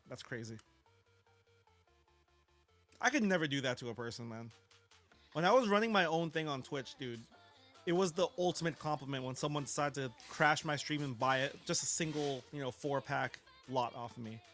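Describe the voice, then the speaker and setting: A man running a live card-break stream, his fairly high voice jumping around as he rants about prices and reads chat. He swears freely and chuckles between points, with faint music playing behind him. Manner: animated ranting, swears, chuckles often.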